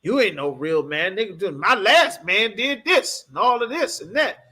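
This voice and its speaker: A scornful nagging woman, shrill and mocking, as a male teacher puts her on to his class. The voice sits high and sharp, with a tense, bright edge. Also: lively intonation, unhurried, full character voice.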